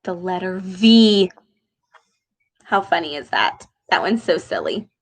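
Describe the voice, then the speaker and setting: A young woman leading a speech lesson for children, animated and exaggerated, with frequent gasps and slow, deliberate words. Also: lowish voice, slightly rough, low-quality recording. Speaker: speech therapist reading with children.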